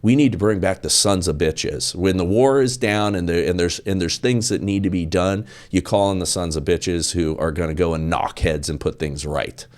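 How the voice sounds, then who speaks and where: Really low-voiced guy on a podcast, preachy and punchy, keeps repeating himself for emphasis. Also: moderate pace, few pauses, darkish tone. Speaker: guest. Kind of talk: podcast interview.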